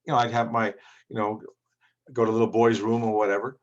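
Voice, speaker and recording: A man's voice: medium pitch, flat delivery, fairly quick. Rambling man with dull lo-fi sound. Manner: rambling, repetitive, with many restarts. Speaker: business credit coach. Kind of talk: motivational monologue.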